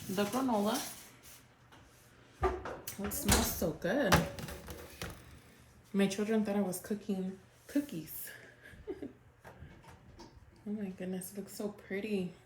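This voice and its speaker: A woman's voice: medium pitch, fairly even intonation, slow pace, pauses often, noisy background. A woman in her thirties, a home cooking vlogger, chatting casually to viewers while she demonstrates a recipe in her kitchen. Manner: chatty, laughs between remarks, talks to viewers as friends.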